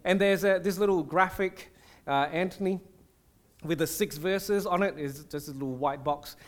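High-pitched male preacher, animated, chatty sermon delivery. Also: normal speed. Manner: animated, acts out prayers and quotes with shifting voice; conversational with fillers and restarts.

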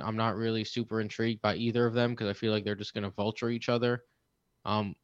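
A man's voice: on the low side, dry recording, lo-fi sound. A man co-hosting a fantasy football podcast, talking casually and rambling with fillers and restarts. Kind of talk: casual sports chat.

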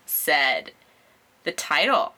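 A woman hosting a casual podcast chat, loud and profane, often breaking into shrieking laughter. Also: deep voice, very animated, very slow. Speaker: podcast host.

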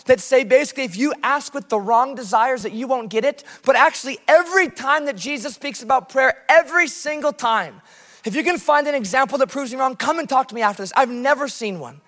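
A man's voice: very high voice, lively intonation, fairly quick, a bit bright. An American man preaching a sermon with passion, telling stories from his missions work. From United States. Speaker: pastor. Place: church hall. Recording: long hall reverb.

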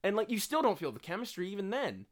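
Venting energetically in a relaxed podcast conversation, this young co-host swears plenty and keeps slipping into little mocking impressions of characters. He talks fast and animatedly, his pitch jumping around as he gets worked up.

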